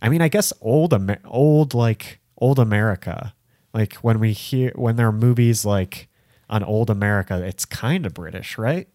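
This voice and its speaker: A man's voice: fairly low pitch, moderate pace, a little mellow, no echo, clean studio sound. A man co-hosting a podcast, rambling in casual chat with lots of filler words. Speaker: podcast co-host.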